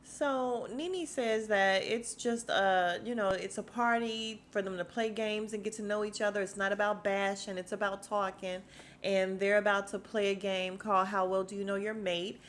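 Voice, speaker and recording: A woman's voice: mid-range voice, fairly even intonation, moderate pace, a little hiss or hum. A young adult woman hosting a podcast, recapping a reality TV episode in a chatty, slangy way and calling her listeners "y'all". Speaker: podcast host.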